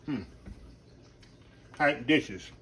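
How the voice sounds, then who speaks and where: A bright-voiced man with a drawl chats casually to his viewers between bites, murmuring in approval as he eats. His voice sits at an ordinary pitch and he keeps an easygoing, homey tone. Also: animated, very slow. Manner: chatty, talks with mouth full, murmurs "mm" while eating; Southern phrasing, says "y'all". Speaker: cooking channel host. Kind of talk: casual cooking vlog, eating on camera.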